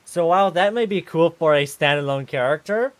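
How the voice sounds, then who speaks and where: Male streamer, slightly high voice, casual live commentary that flares into excited rants. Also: a little fast, dry recording. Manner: excitable, ranting and exclaiming.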